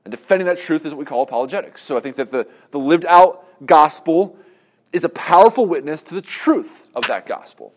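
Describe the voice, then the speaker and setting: Male lecturer, earnest and conversational, voice a touch higher than usual, prone to rhetorical questions. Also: lively intonation, fairly quick. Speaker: speaker on Christian apologetics. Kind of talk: lecture with audience Q and A.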